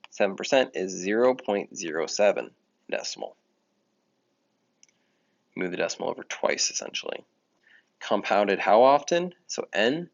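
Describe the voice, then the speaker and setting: Gravelly male math teacher, lo-fi. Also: fairly low pitch. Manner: casual explaining, with fillers and self-corrections. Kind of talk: recorded classroom lesson. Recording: dull lo-fi audio.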